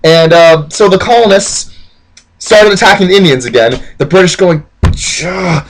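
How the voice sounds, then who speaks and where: Rambling, profane guy with a lively voice. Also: high-pitched, moderate pace, slight background noise, rough recording. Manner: rambling, profane, heavy use of "like". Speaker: comedic history vlogger. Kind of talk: casual comedic storytelling.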